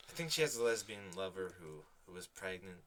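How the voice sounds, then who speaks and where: A man's voice: low-pitched, lively intonation, fairly quick, crowd noise. A young man co-hosting a casual podcast chat, teasing and jokey. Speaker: podcast co-host.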